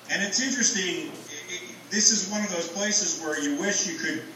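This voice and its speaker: A man preaching a sermon, earnest and emphatic, with pauses and sudden rises in pitch. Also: bright, forceful tone, a little hiss or hum. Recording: echoey, from a distant mic.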